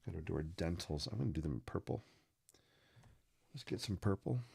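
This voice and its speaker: A man's voice: low voice, expressive, fairly quick, creaky, mellow, husky. A man hosting a live drawing stream, chatting casually and playfully with viewers and making puns as he sketches.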